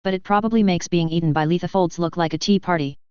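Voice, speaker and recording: A young girl who claims to see the future, talking in dramatic, evasive pronouncements, as a woman reads her. The voice is very clear and somewhat low. The recording is dry with a slightly dull band. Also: steady tone, fast talker, dry recording, natural voice. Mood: cryptic.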